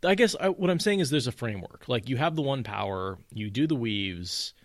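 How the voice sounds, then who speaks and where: A man's voice: mid-range voice, expressive, brisk, dry recording. A man co-hosting a podcast, talking through a fantasy novel in casual chat and mocking the characters in put-on voices. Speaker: podcast co-host. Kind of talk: casual book discussion.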